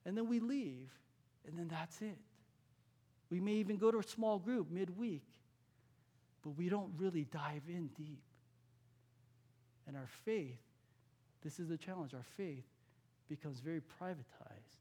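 A man from California, preaching a sermon in a conversational way, asking his listeners questions and dropping to a hush for key points. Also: sits high, a little slow, long pauses. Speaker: pastor.

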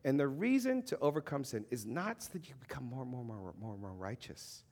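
Thirties male Christian speaker, casual and animated, swings pitch widely, lots of fillers. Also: brisk. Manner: animated, conversational, with many fillers and acted-out quotes. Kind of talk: informal faith talk.

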